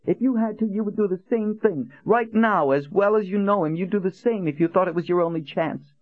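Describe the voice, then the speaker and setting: A man putting on a jealous, scheming young woman in an audiobook, sharply raised and shrill, accusing and defiant. The sound is dry and a little dull. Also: fairly quick, dry recording, natural voice. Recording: dull lo-fi recording.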